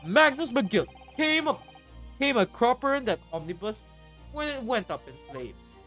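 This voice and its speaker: Woman reading as a blunt slangy police inspector, middle-aged man, loud and lively delivery. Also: a little high, unhurried, soft background music, pitched above the performer's own voice. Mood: gruff.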